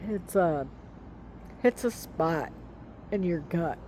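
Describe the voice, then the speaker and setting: A middle-aged woman telling a personal story to camera in a casual, hesitant way, with many pauses and fillers. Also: on the low side, lively intonation, noisy background. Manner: slow, hesitant, many ums and likes. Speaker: vlogger. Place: outdoors.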